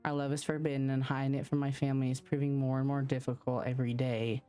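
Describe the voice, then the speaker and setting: Young woman in love writing letters, low and mellow, soft and wistful , read by a woman streamer. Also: little pitch movement, fast talker, clear, resonant tone, faint music behind. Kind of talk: reading game letters aloud.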